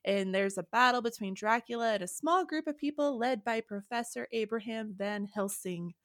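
A woman's voice: fairly high pitch, moderate pace, dry recording, studio quality. A woman guesting on a podcast, chatting casually about history and laughing at her own stumbles over words.

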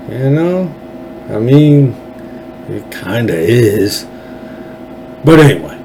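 A man's voice: medium pitch, lively intonation, slow, warm tone, a little hiss or hum, rough recording. A man hosting a political podcast, rambling and sarcastic, with many fillers and restarts.

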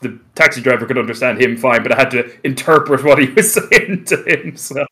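A man with a light Irish accent from Carlow, talking as a podcast guest in a relaxed, rambling way with many fillers and restarts. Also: mid-range voice, a little fast. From Ireland. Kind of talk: casual conversation.

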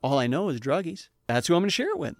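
A man's voice: on the high side, big pitch swings, racing, soft background music. A man telling his personal testimony in an earnest, emotional way, with preacher-like emphasis. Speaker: speaker giving a personal testimony.

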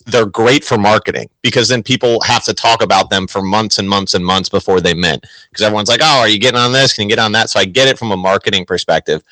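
A man's voice: mid-range voice, bright, forceful tone, no room sound, low-quality recording. A man chatting casually on a podcast, rambling and leaning on filler words. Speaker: show regular. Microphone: home computer mic.

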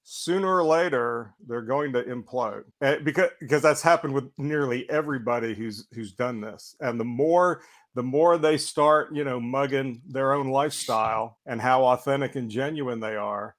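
Male co-host, medium pitch, crude and scornful, lecturing in casual chat. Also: moderate pace. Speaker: podcast co-host.

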